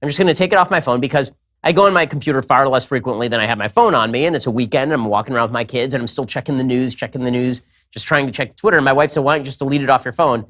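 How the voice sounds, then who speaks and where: Male host, mid-pitch, talks really fast in a chatty interview. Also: a bit bright. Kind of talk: conversational interview.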